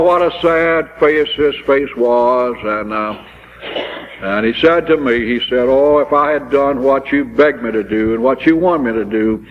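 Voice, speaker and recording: A man's voice: medium pitch, a little hiss or hum. A man preaching a sermon, telling stories and building to impassioned, pleading climaxes. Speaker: pastor. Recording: dull old recording in a large hall.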